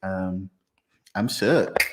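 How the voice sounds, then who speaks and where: A man hosting a casual livestream chat, reading viewer comments aloud, laid-back and quick to laugh, a little tipsy after a few beers. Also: sits low, noisy background. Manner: laid-back, laughs often, drawn-out fillers. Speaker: livestream host.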